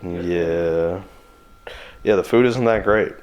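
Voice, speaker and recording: A man's voice: low-pitched, slow pace, darkish tone, highs cut off. A man co-hosting a podcast in loose, joking conversation, laughing often. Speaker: podcast co-host. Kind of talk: casual chat.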